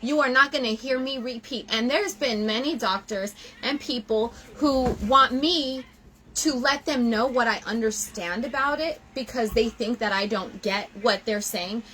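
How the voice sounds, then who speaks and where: A young woman talking casually to her viewers, animated and emotional, often gushing. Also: a little high, unhurried, a little hiss or hum, rough recording. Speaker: vlogger.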